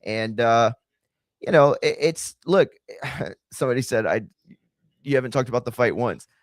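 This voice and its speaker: Streamer, male, easygoing slangy fight talk, dry close mic, mid-pitched voice. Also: lively intonation, moderate pace, dry recording. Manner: loose, slangy, chatty, addresses chat directly. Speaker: watch-party streamer and fight commentator. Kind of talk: casual live-stream commentary.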